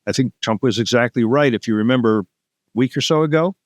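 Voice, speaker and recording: Casting: man, mid-pitch, emphatic political guest, dry studio sound. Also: fast, dry recording. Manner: emphatic, acts out quotes with rising pitch. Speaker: guest, policy think tank founder. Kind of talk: interview, political commentary.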